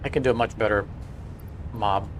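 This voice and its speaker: A man's voice: on the low side, fairly even intonation, normal speed, background noise. A man streaming a building game, chatting casually and telling rambling stories with many restarts. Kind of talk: casual livestream chat.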